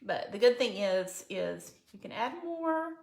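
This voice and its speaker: A woman's voice: medium pitch, very animated, measured pace, vocal fry, a little mellow. A middle-aged woman hosts a casual crafting livestream, chatting with viewers by name and growing teary at times. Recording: echoey room with faint background noise.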